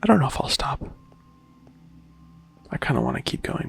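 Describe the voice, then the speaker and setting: A man musing quietly in a casual, rambling way while playing a game, with a lot of vocal fry when he speaks softly. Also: medium pitch, huge pitch swings, normal speed, soft background music. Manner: soft-spoken, rambling and reflective. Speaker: gaming vlogger.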